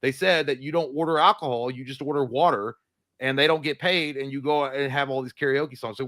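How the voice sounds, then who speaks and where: A man's voice: medium pitch, fast talker, no echo. Casual swearing man telling stories. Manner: animated, acts out voices in his stories, swears freely. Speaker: podcast co-host. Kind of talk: casual storytelling chat.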